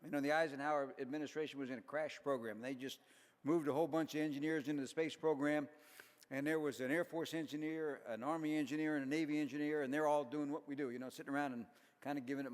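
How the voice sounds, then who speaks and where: An older man giving an after-dinner speech at a banquet, telling folksy jokes with deadpan punchlines and chuckling at his own jokes. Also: a little high. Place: large banquet hall. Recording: long hall reverb.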